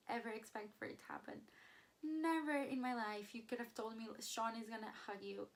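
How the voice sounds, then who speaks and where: A young woman vlogger telling a story in an excited, emotional way, full of "like" fillers. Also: on the high side. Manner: gushing, emotional, fast filler-heavy "like". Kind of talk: excited casual vlog storytelling.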